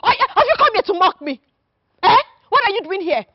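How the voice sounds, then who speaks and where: A fiercely loyal Nigerian wife, her pitch soaring high and swinging wildly as she scolds. The sound is dull and dry, like plain film audio. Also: sing-song, fast talker, dry recording. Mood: angry. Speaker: wife defending her husband. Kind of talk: film acting.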